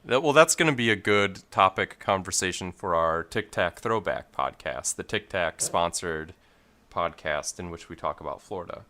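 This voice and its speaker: Young man, low voice, smooth clear tone, rambling podcast chat. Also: lively intonation, moderate pace, sharp tone. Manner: hesitant, rambling, self-deprecating. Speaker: podcast co-host.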